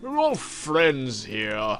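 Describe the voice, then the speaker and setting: A plump old detective oozes insincere courtesy, drawling slowly in an oily, mock-polite tone that rises and falls with relish, as a man puts him on. He is a sarcastic figure from a visual novel, read aloud in a playthrough. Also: mid-range voice, wildly swooping pitch, fairly bright tone, exaggerated voice. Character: plump elderly male detective, greasy and sarcastic.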